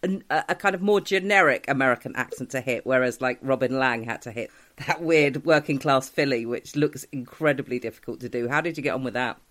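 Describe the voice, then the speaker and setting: A man's voice: mid-range voice, a little fast, few pauses, fairly bright tone. A man interviewing a guest with curious, joking questions. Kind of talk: casual interview chat.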